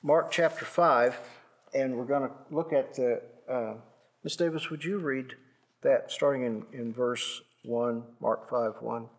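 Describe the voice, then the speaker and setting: Husky guy teaching bible class, gets worked up, lots of restarts. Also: mid-range voice, measured pace. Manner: animated, repeats and restarts, acts out voices.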